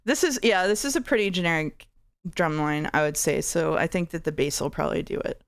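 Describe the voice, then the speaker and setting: A woman's voice: low-pitched, a little fast, gravelly. A woman hosting a stream, chatting playfully and joking with a guest as they play music guessing games. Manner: playful, giggly, jokey. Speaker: streamer host. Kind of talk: casual chat while playing music games.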